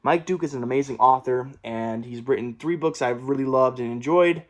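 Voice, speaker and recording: A young man in casual talk about his book haul, at an ordinary middle pitch. He rambles, corrects himself often and stumbles over words with a slight stutter. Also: moderate pace, dull audio. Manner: rambling, with fillers and self-corrections; mild stutter. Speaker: book vlogger. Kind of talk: casual video chat about books.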